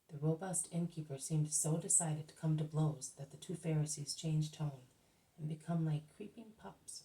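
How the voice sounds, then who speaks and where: A woman reading a religious book aloud in a steady, measured way. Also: deep voice, distant mic, low-quality recording. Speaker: reader.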